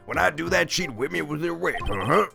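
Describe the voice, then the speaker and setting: A man's voice: fairly high pitch, animated, creaky, over music, pitched above the performer's own voice. A man voicing a lecherous impostor clinic director with a put-on Southern twang, leering and drawn out. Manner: creepy, drawn-out "hmm, yes", giggling. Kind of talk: video game let's play voice acting.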